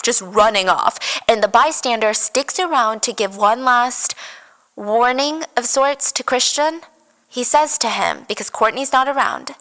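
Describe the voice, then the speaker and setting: Woman podcast host, casual conversational delivery, bright and slightly high voice. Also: moderate pace, long reverb tail. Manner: conversational, with frequent filler words.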